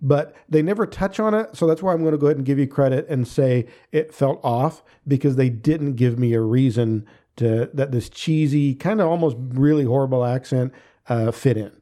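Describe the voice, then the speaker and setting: A man's voice: medium pitch, moderate pace, dark tone. A middle-aged man co-hosting a casual movie review podcast, rambling and circling back with frequent restarts. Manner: rambling, restarts often, hedging. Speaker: podcast co-host.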